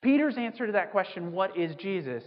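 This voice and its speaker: A man preaching a conversational sermon, telling stories with lively asides and quick jokes. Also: high-pitched. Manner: conversational, animated storytelling with asides. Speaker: pastor. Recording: muffled sound with long hall reverb.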